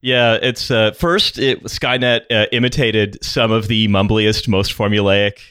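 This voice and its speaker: A man's voice: fairly low pitch, fairly even intonation, a little slow, fairly bright tone, clear, resonant tone, dry recording. A man hosting a podcast in casual chat, riffing sarcastically with dry humor. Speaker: podcast host.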